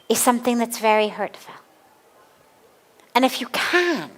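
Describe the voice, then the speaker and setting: A woman spiritual teacher giving a calm, deliberate spiritual discourse in an outdoor garden. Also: a little high.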